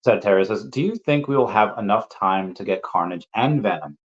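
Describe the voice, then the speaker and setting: On a casual livestream, a man reads viewer comments out loud and answers with playful side remarks. His voice is on the low side, expressive and brisk. The sound is dull and lo-fi.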